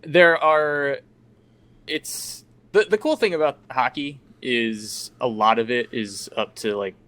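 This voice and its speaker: A man's voice: medium pitch, slow, a bit bright. A man chatting on a podcast, explaining game rules at length with lots of filler words. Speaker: podcast co-host. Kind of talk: casual podcast chat.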